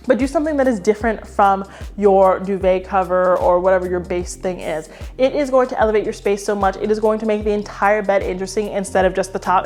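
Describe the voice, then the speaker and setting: A woman hosting a home decor vlog, giving design tips to camera in a chatty, playful, slangy way. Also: mid-range voice. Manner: animated, playful, slangy, talks straight to camera.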